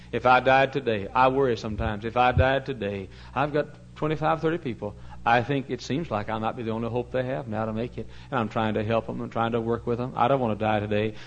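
Male preacher, mid-pitched, folksy sermon delivery with big dynamic swings. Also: lo-fi sound. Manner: swings from quiet storytelling to loud, high-pitched preaching; folksy, calls listeners brother.

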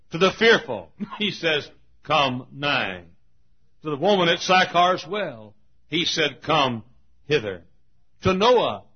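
A man preaching an evangelistic sermon from a church pulpit, swinging dramatically between ringing shouts and hushed low tones, with a rhythmic, repetitive delivery. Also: husky. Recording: dull lo-fi sermon recording.

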